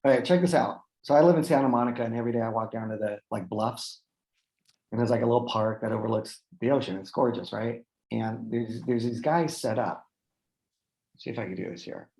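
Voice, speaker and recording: A man's voice: medium pitch, fairly quick, gravelly, darkish tone. A man hosting a chat, telling a personal story in an earnest, heartfelt way with lots of fillers. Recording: roomy echo.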